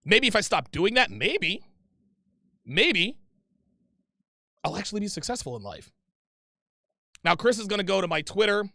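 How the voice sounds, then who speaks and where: A man's voice: sits high, big pitch swings, moderate pace, creaky, long pauses, sharp tone, no room sound, studio quality. A man hosting a livestream, reading viewer super chats and answering them in a heated, profane, confrontational rant, repeating himself often.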